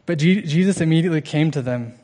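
A young man giving an informal, earnest sermon, halting with restarts and fillers. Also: a little high, darkish tone.

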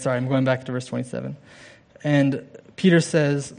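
A young man giving an informal, earnest sermon, halting with restarts and fillers. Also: medium pitch, fairly even intonation, creaky, darkish tone.

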